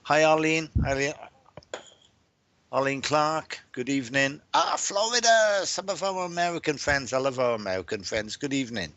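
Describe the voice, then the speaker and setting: A man's voice: a little high, sing-song, moderate pace, a bit bright. Chatty Welsh-born man hosting a livestream. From Wales. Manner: chatty, repeats words and restarts often. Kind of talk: casual livestream chat greeting viewers.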